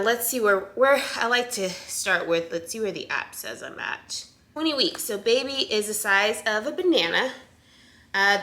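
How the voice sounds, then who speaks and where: A young woman talks casually straight to her camera, filling pauses with ums and restarting sentences as she goes. Her voice is bright and forward, with a slightly breathless edge. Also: mid-range voice. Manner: chatty, with frequent ums and restarts. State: a little out of breath. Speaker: vlogger sharing pregnancy updates.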